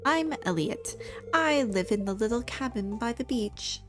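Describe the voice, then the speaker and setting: A woman's voice: on the high side, lively intonation, measured pace, fairly bright tone, faint music behind, pitched above the performer's own voice. A woman reading a refined young man's game lines aloud, putting on a vague, unplaced accent. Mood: gracious. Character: refined young man with long hair.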